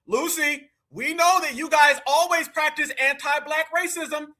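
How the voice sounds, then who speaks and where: A man hosting a live stream, reacting to clips in a loud, mocking way and often calling out to his audience. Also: very high-pitched, fairly even intonation, measured pace. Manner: loud, mocking, keeps addressing "family".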